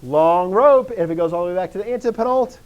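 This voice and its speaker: Male teacher, high-pitched, energetic classroom lecturer who drills with call-and-response. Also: fast talker, muffled recording. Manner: drilling students with repeated call-and-response questions; energetic, animated bursts of enthusiasm. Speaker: Greek teacher.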